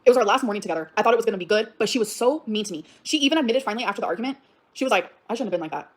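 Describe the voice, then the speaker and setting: A young woman livestreaming, reacting with fast, heated, profane outbursts that swing up to shouting. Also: medium pitch, animated. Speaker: livestreamer reading and reacting to a post. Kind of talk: emotional livestream rant.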